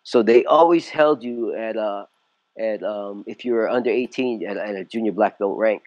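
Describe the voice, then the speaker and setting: In a relaxed interview, a martial arts instructor from California in his sixties recounts his life, wandering through fillers and false starts. He speaks at normal speed with a fairly low pitch, and the recording quality is poor.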